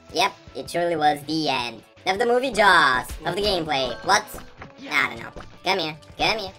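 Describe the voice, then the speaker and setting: A woman's voice: low-pitched, expressive, measured pace, a bit bright. A woman giving playful let's-play commentary, chatty and teasing as she talks to the characters on screen. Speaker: gameplay commentator. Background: game music.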